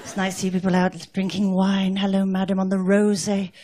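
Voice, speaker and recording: A woman's voice: medium pitch, completely flat delivery, a little fast. An English woman in her forties doing a stand-up comedy routine, chatty and wry, talking straight to the audience from the stage. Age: 40s. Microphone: stage microphone. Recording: live club recording with loud crowd. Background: loud audience laughter and crowd noise.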